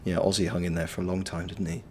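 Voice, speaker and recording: A man's voice: low voice, flat delivery, fast talker, darkish tone, a little hiss or hum. A man chatting casually on a game livestream, reading out his chat with wry, playful banter. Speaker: game streamer.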